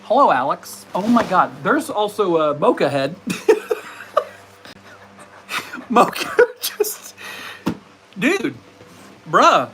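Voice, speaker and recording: A man's voice: sits high, big pitch swings, takes it slowly, sharp tone, a little hiss or hum. A man live streaming from home, chatting casually and playfully scolding and baby-talking his dogs. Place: home in Arizona.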